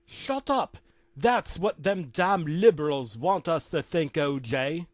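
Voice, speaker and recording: A bossy old hunting patriarch blusters in a put-on British accent, as a man voices him. His pitch jumps up high when he shouts. The sound is dry and close. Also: sing-song, slow pace, no room sound, heavily acted. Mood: ranting. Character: older bearded hunting patriarch, gruff and bossy.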